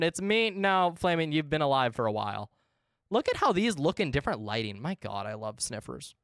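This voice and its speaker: A woman in her twenties, chatting casually and excitably with viewers while streaming a game, swearing freely. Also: low-pitched, normal speed, no room sound, clean studio sound. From United States. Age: 20s. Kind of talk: casual live-stream chat.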